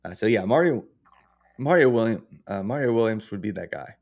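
A man's voice: lowish voice, animated, brisk, a little mellow. A man co-hosting a sports podcast, analyzing players in a casual, hesitant way full of uhs and restarts. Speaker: podcast co-host.

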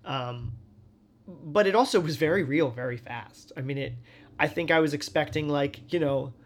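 A man's voice: a little high, moderate pace. A man in his thirties, a stage actor as interview guest, chatting casually and animatedly, full of "like" and acted-out quotes. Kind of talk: casual conversational storytelling.

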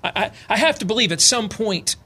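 Male talk-radio co-host, bright tone, lively storyteller, emphatic. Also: sits high, brisk, slightly rough. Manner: animated storyteller, acts out quotes, builds to loud emphatic punches. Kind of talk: political talk radio monologue.

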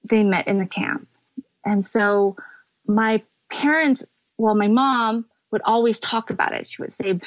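A young adult woman from the United States, a podcast guest telling her family's story candidly, halting and tearful at times. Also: mid-range voice, dry recording, dull audio. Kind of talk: emotional personal storytelling.

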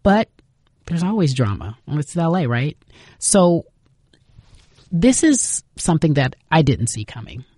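A woman's voice: deep voice, a little slow, long pauses, breathy edge, no echo, studio quality. A woman hosting a sports podcast, narrating and introducing her guest with emphasis. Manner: lively, emphatic. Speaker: host.

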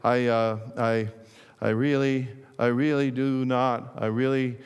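A man's voice: mid-range voice, flat delivery, slow, clear, resonant tone, long reverb tail. A man doing a shy stammering salesman. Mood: nervous. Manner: heavy stammer with repeated words. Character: anxious adult male stutterer, shy and humble.

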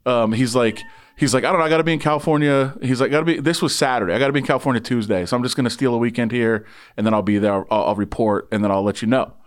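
A man's voice: mid-range voice, rapid-fire. A man who works as a sports reporter, telling a long story in casual chat and acting out the people in it. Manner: animated, voices people in anecdotes.

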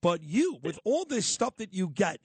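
A man hosting a casual radio interview, chatty and opinionated with quick asides. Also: sits high, very animated, slightly rough, no echo. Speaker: radio host.

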